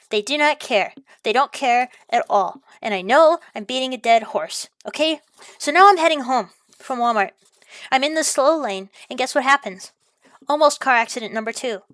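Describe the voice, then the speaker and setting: A woman's voice: on the high side, a bit bright, no echo, clean studio sound. A woman delivering an exasperated, profane rant, repeating herself as she vents. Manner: exasperated, profane, repetitive ranting. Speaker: ranting vlogger. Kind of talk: angry rant monologue.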